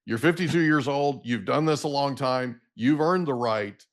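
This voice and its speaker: A man's voice: medium pitch, moderate pace. Enthusiastic middle-aged male podcast host. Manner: enthusiastic, affirming interviewer. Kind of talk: casual interview chat.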